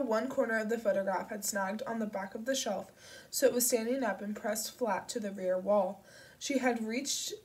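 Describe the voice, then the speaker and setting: A woman narrating an audiobook in a steady, measured storytelling manner. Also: fairly high pitch, far from the mic, rough recording. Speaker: audiobook reader.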